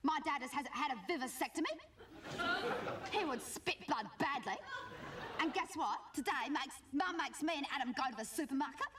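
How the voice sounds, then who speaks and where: A woman's voice: high-pitched, lively intonation, normal speed, a crowd in the background, noisy background. A woman playing a cheeky, gossipy teenage schoolgirl with an Australian accent and a whiny, nasal way of talking, in a live sketch comedy monologue. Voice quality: whiny and nasal, with lots of "like" and "guess what". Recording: distant stage mic, loud audience laughter. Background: live audience laughing.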